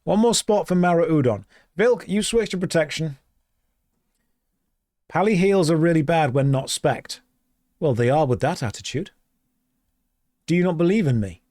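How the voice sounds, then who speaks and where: A man's voice: fairly high pitch, expressive, moderate pace, long pauses, darkish tone, no echo, studio quality. Playful man streaming a game. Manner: reads chat aloud and answers, playful and exasperated. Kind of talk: casual gaming stream chat.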